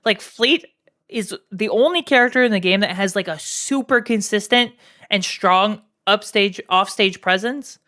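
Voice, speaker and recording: Slow-talking Canadian woman streamer. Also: medium pitch, a bit bright. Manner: frank, profane, many fillers and asides to chat. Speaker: streamer ranking game characters. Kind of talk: casual live-stream commentary.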